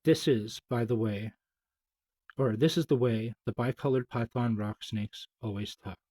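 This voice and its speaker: A man reads a children's story aloud, measured and gently dramatic, and drops softer for the asides. His voice is husky and mellow. The recording is dry and close. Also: medium pitch, no echo, low-quality recording.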